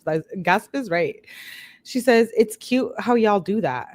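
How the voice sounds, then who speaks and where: A woman's voice: medium pitch, expressive, measured pace, no room sound, studio quality. A woman hosting a true-crime video, reading text messages aloud in a casual way and breaking off to react and talk to her viewers.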